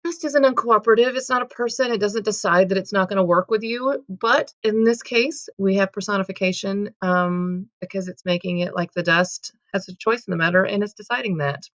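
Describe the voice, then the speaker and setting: A woman's voice: medium pitch, fairly quick, few pauses, fairly bright tone. A woman teaching a casual poetry lesson, talking in a chatty, filler-heavy way and correcting herself as she goes.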